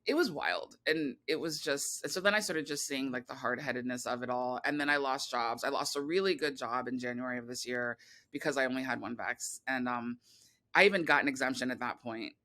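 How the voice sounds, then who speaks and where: A woman guest on a podcast, telling a long personal story in a rambling, animated way, full of restarts and quoted voices. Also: low-pitched. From California. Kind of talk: casual interview conversation.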